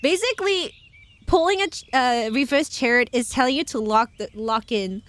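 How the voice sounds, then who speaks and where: A woman's voice: high voice, normal speed. A young woman streaming casually, giggling often and breaking off from reading tarot card meanings to chat playfully. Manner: reads tarot meanings aloud with asides. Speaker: virtual streamer.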